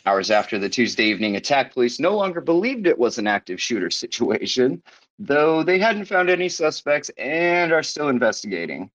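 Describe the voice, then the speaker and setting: A man's voice: mid-range voice, very animated, a little fast, fairly bright tone. A man hosting a podcast in casual chat, sarcastic and profane, riffing loosely as he reads news aloud. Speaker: podcast host. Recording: dull lo-fi podcast audio.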